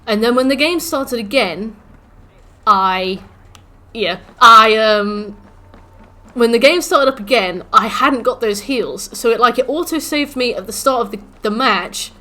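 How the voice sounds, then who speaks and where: Woman, young adult, bright voice, animated ranting, swearing, casual livestream chat. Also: a little high, unhurried. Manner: animated ranting, swears, mimics the game's taunts. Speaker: streamer.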